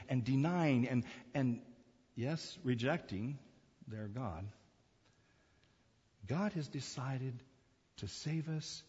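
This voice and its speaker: A man's voice: mid-range voice, a little mellow, breathy edge. A male pastor preaching a sermon, telling a family story in a conversational way and repeating words as he builds emphasis. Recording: echoey hall, dull lo-fi sound.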